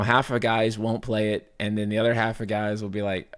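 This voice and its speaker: Male streamer with a lowish voice, casual and loose, rambling with frequent restarts. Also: level tone, brisk, a bit bright, smooth. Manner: rambling, restarts often, fillers and stutters; casual, swears, talks to chat. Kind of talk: live stream chat.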